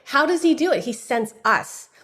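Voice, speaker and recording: A woman from San Francisco, a guest author, telling her personal story in a podcast interview with lively delivery and frequent restarts. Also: high-pitched, moderate pace. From United States (San Francisco). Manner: animated, acts out dialogue, frequent restarts.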